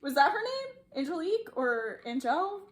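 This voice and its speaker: A woman's voice: very high voice, very animated, moderate pace. A woman hosting a casual movie review chat, giggling often as she recounts the plot with lots of fillers. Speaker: host.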